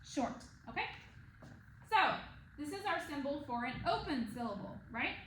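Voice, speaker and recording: A woman with a slightly high voice gives a one-on-one reading lesson, very animated and at a normal speed. She's patient, checking in with "okay?" and "right?" at each step. The echoey room carries background noise.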